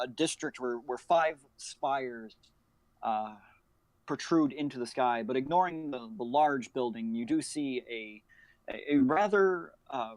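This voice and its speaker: A man's voice: mid-range voice, dry recording. A man narrating a tabletop game as game master, describing scenes with frequent fillers.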